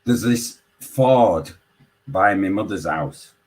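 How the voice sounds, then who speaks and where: A man with a Yorkshire accent, calling in and telling a story in casual chat, swearing constantly and animated. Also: sits low, slow pace, low-quality recording. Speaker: caller.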